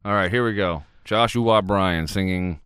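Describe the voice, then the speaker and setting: Playful low-voiced male host. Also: unhurried, fairly bright tone, clean tone, no echo, clean studio sound. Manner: playful, teasing. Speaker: show host. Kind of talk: casual comedic banter.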